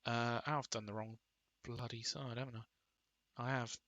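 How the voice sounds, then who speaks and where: A man's voice: medium pitch, level tone, unhurried, a bit bright, no echo. A man giving casual commentary while playing a game, muttering to himself and getting mildly exasperated. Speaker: gaming video creator.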